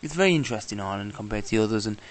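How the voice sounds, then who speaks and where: A man's voice: lowish voice, animated, rapid-fire. A man talking casually in a travel vlog, exasperated and swearing, often imitating the people he met. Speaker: traveller vlogger.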